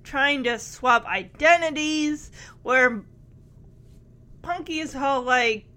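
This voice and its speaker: A young woman with a high, light voice chats through an episode recap. She giggles often and strings her thoughts together with "like" and "um". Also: slow, sharp tone. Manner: chatty and giggly, many fillers like "like". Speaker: show recap host.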